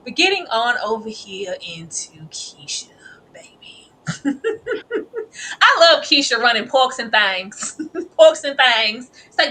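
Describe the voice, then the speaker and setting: A woman co-hosting a TV review in casual, animated chat, calling people "girl" and "baby.". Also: a little high, takes it slowly, pauses often, rough recording. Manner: animated, slips into playful character voices and laughs often; familiar, peppered with "girl" and "baby". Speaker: co-host reviewing a TV series.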